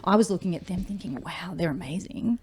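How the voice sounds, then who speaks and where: A woman's voice: on the low side, brisk, a little mellow, slight background noise. A woman in her forties with an Australian accent, a firefighter telling her story in a casual interview, chatty and acting out quoted speech. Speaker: guest, firefighter.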